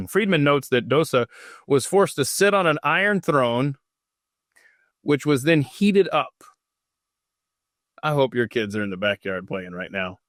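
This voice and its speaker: A man's voice: mid-range voice, lively intonation, a little slow, pauses often, fairly bright tone, no echo, clean studio sound. A man hosting a casual solo podcast, reading from notes and breaking off often to joke and riff. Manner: rambling and jokey, reading aloud and stopping to riff. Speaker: podcast host. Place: home studio.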